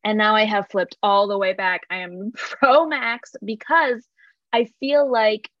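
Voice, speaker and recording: A woman's voice: medium pitch, no echo. A woman co-hosting a podcast over a video call, talking playfully with strong opinions. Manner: playful, opinionated, laughs easily. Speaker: podcast co-host. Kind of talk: casual podcast chat. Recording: dull, dry video-call audio.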